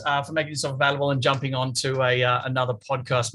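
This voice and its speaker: A man's voice: medium pitch, little pitch movement, fast, hardly any pauses, bright, forceful tone, faint music behind. A man hosting a podcast interview, chatty and matey, with lots of fillers and restarts. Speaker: podcast host.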